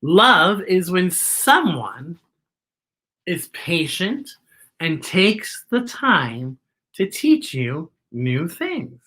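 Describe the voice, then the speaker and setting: A woman reading the words of a kind baker in a children's story, slowly and gently. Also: lowish voice, very animated, slightly rough, full character voice. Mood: gentle.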